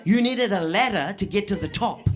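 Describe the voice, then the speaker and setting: A middle-aged man performing a stand-up comedy set, delivering deadpan punchlines and checking in with the crowd. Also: sits high, moderate pace.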